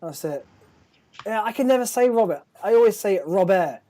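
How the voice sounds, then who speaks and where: A man's voice: high-pitched, lively intonation, moderate pace, mellow. A man hosting a live baseball chat show, tired and chatty, often stumbling over his words. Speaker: host.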